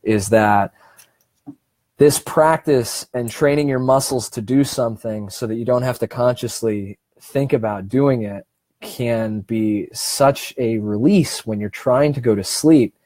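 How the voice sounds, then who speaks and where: A man giving a casual self-help seminar on breathing, talking in a conversational, encouraging way, often restarting sentences and slowing down on key points. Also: mid-range voice, darkish tone, no room sound. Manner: conversational and encouraging, with frequent restarts and slow, deliberate stretches.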